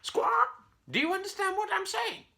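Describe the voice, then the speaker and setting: A man's voice: very high-pitched, big pitch swings, quick pace, creaky, sharp tone, voice pushed up, full character voice. A man voicing a cheeky parrot that squawks and repeats every phrase back. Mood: squawking.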